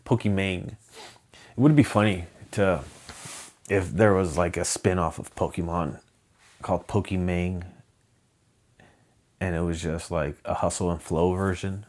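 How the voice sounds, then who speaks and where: A podcast host from Southern California chats by himself in a low, darkish voice at a moderate speed. He wanders and hesitates, often saying um and starting over.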